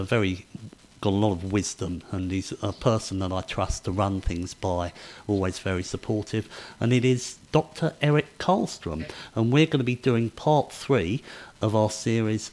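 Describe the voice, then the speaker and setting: A man hosting a radio talk show, introducing a guest in a loose, halting way with fillers. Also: lowish voice, darkish tone. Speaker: host.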